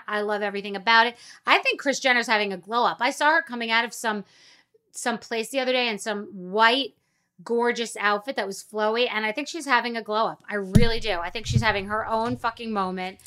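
A woman's voice: a little high, pushed and bright. A middle-aged woman hosting a podcast, talking in a blunt, profane, emphatic monologue. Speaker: podcast host. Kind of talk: casual monologue.

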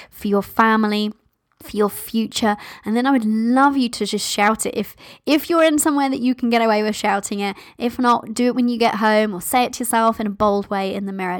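A woman's voice: medium pitch, no room sound, studio quality. A woman hosting a motivational podcast, speaking encouragingly to her listeners and calling them "my love". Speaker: podcast host.

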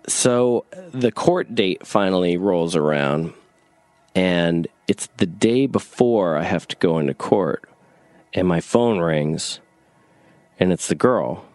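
A young man from North Carolina tells a long personal story in a loose, rambling way. His voice sits very low and relaxed, and he keeps slipping in "like" while acting out the lines of the people in the tale. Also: dry recording. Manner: rambling, frequent "like", acts out quoted voices. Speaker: guest storyteller. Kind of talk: casual storytelling.

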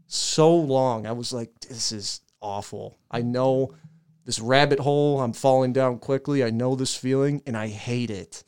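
Young guy rambling through a sweary podcast story, smooth clear voice, laughs a lot. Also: mid-range voice. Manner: profane, animated storytelling with laughs. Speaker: podcast co-host.

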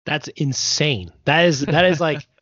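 A man's voice: fairly high pitch, a little slow, a bit bright, dry recording, highs cut off. A man co-hosting a podcast interview, reacting in a chatty, amazed way. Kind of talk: casual interview.

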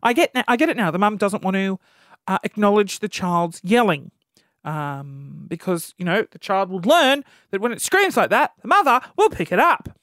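Speaking at a normal speed in a high-pitched voice, a man in his thirties rants comically on his podcast about what annoys him. His stories come out animated and exasperated, recorded dry in studio quality.

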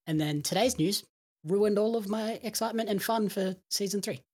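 Husky-voiced man, calm podcast guest. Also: high-pitched, moderate pace. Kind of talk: casual podcast chat.

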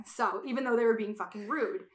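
A young woman telling a story in casual chat, animated and full of swearing, acting out quotes loudly. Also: fairly high pitch, a little fast. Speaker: podcast guest.

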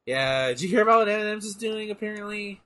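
A young man chatting casually while playing a wrestling game. He jokes a lot and bursts into shouts. His voice sits fairly high and swings widely. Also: quick pace. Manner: animated, joking, bursts into shouts. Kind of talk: casual chat over gameplay.

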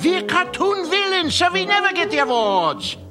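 A grumpy old cartoon wolf villain, shrill and scolding. His pitch is extremely high and leaps all over, with music clearly under him. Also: big pitch swings, moderate pace.

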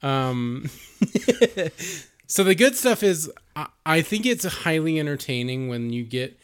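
A man's voice: fairly high pitch, big pitch swings, slow, clear, resonant tone. A man co-hosting a podcast, reviewing a movie in casual chat, rambling with frequent laughs and swearing. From United States. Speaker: podcast co-host.

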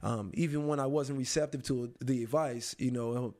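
This young adult man, speaking in an interview, recounts something personal in a thoughtful, stop-and-start way full of pauses and restarts. He has a mid-range voice with a steady, dark tone.

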